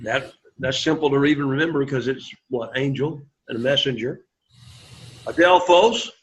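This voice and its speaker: A man's voice: mid-range voice, a little fast, a bit bright. A man teaching an introductory Greek class, encouraging students and having them repeat words aloud. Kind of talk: classroom lecture. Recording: lo-fi classroom recording.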